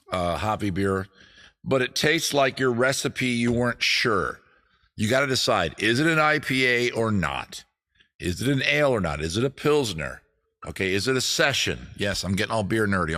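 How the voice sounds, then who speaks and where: A man's voice: lowish voice, bright, forceful tone. Loose, swearing man hosting a comedy stream. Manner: loose, swearing, jumps between bits and asides. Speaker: comedy show host. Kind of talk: casual comedic rambling. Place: home studio. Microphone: streaming setup with cameras.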